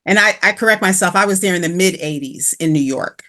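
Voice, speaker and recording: A woman's voice: on the low side, brisk, sharp tone. A woman who grew up on the New Jersey Shore, hosting an interview and chatting, with many short agreeing replies. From New Jersey Shore, USA. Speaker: host. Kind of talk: casual interview chat.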